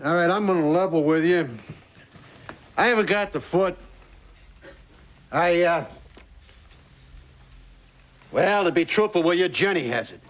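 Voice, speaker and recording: A man's voice: high-pitched, measured pace, pauses often. An actor playing an exasperated, pleading sitcom father. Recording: sitcom audio with heavy noise.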